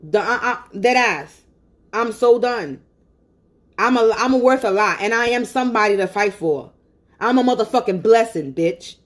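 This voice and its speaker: A woman's voice: a little high, expressive, moderate pace. A woman on a phone livestream, venting angrily in a profane, repetitive rant. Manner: angry, profane and repetitive ranting.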